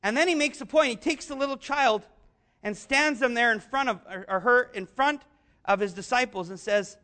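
High, bright-voiced preacher man. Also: expressive, fairly quick. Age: adult, father of young children. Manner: earnest, rising to shouts on key lines. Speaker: pastor. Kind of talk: sermon.

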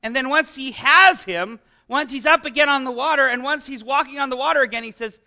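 With an extremely high pitch and a touch of vocal fry, a middle-aged pastor delivers an animated, conversational sermon packed with rhetorical questions. He moves a little fast and barely pauses at all.

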